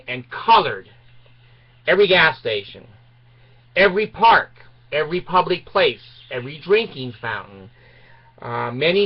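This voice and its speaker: A man in his sixties from Utah, telling a rambling personal story, digressing and chuckling as he trails off. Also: mid-range voice. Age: 60s. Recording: dull lo-fi recording.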